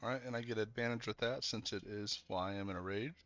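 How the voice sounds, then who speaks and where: A man's voice: on the low side, fast, a bit bright, no room sound, faint music behind. Playful man player on a dull mic. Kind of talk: casual tabletop game play.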